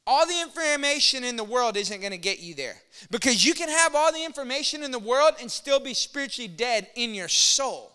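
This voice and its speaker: Male pastor, sermon, smooth resonant voice, animated storytelling, long church reverb. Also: very high voice, brisk, hardly any pauses. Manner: energetic, storytelling, acts out quotes.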